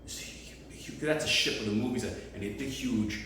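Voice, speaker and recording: A man's voice: mid-range voice, moderate pace, heavy reverb, distant mic, a little hiss or hum. Rambling man doing street stand-up. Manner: rambling, loose and digressive, with sudden loud bursts. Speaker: street comedian. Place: outdoors on the street.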